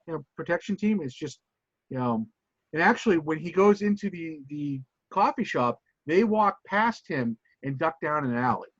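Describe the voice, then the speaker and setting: A man runs a tabletop game, rambling and restarting his sentences as he describes each scene. His voice is fairly high and swings widely in pitch. The recording is dry and slightly muffled. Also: lively intonation, moderate pace, a bit bright, dry recording. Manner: rambling, self-correcting narration. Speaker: game master.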